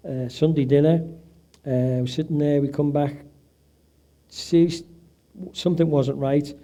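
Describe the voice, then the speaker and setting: A man's voice: a little high, mellow. A middle-aged man giving an emotional personal testimony at an event, acting out the voices of people he quotes. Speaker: event speaker, patient's husband.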